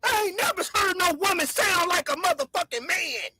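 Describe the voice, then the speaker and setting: A woman hosting a livestream, loudly hurling mocking insults in a shouting rant. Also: extremely high pitch, very animated, moderate pace, dry recording. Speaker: livestream host.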